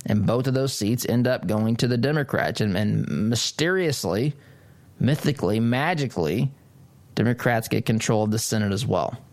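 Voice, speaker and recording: A man's voice: mid-range voice, expressive, moderate pace, a little mellow. A man hosting a political talk radio show, delivering an emphatic monologue with mocking asides. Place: studio.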